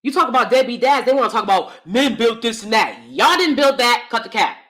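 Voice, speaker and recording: A woman from the United States hosting a livestream, talking in an emphatic, fiery, animated way and reading out super chats. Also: on the high side, a little fast. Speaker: host.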